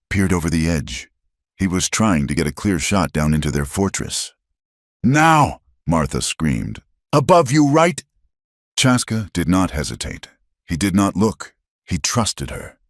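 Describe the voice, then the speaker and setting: A man narrating a western romance story in a dramatic, expressive scripted reading. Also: very deep voice, gravelly, husky, no echo, clean studio sound.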